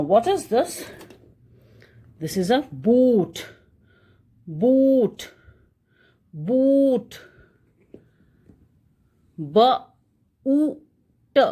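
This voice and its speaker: A young woman with an Indian English accent teaches a phonics lesson to small children. She speaks at a very slow, deliberate pace, with a lively, sing-song rise and fall in a somewhat high, mellow voice. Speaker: kindergarten teacher.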